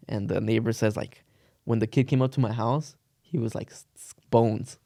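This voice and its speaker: Young man rambling through a story, gravelly. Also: medium pitch, steady tone, normal speed, mellow, dry recording, studio quality. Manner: rambling, heavy "like" fillers, cursing slang. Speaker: podcast co-host. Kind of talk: casual storytelling chat.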